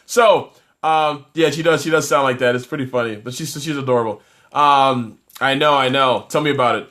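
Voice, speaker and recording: A man's voice: mid-range voice, fairly even intonation, a little fast, a bit bright. A man from Toronto, a business coach doing a live stream, talking energetically and reading out viewer comments, with many restarts. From Toronto, Canada.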